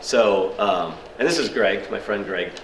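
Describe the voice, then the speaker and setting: A man telling lively anecdotes to a workshop audience, chuckling and using many fillers. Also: lowish voice, measured pace, background noise. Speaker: speaker at a screenwriting workshop. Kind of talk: storytelling talk to an audience. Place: workshop room at a film festival. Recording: echoey room with faint ambience.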